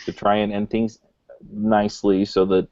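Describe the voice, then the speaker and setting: A man's voice: lowish voice, little pitch movement, normal speed, a little mellow. A man co-hosting a podcast, explaining a grievance in casual chat. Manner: aggrieved, explaining himself. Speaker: podcast co-host. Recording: dull lo-fi sound.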